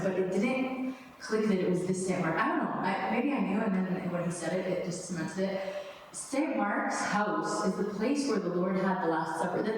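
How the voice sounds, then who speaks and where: A young adult woman giving a casual, animated faith talk to an audience, chatty and full of "like" fillers. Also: medium pitch. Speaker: speaker at a church talk. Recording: echoey hall, faint background noise.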